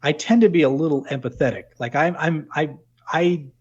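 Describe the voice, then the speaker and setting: A man's voice: on the high side, fairly quick, darkish tone, lo-fi sound. A middle-aged man from New England who has lost his accent, talking things through as a podcast guest, with many restarts. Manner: reflective, full of restarts and "you know". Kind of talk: casual interview talk.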